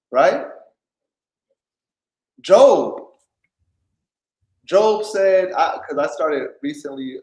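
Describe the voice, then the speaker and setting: Slow, echoey preaching man. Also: mid-range voice, a little mellow. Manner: keeps asking "right?", stops and restarts often. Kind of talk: informal preaching on scripture. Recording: echoey room.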